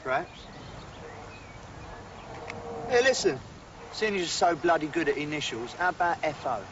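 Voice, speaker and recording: A cocky London bricklayer full of brash jokes, played by an actor in an old TV drama. His voice sits a little high, and the audio is dull with a clear hiss behind it. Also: expressive, brisk, close to an everyday voice. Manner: brash, jokey. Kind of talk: 1980s TV drama acting.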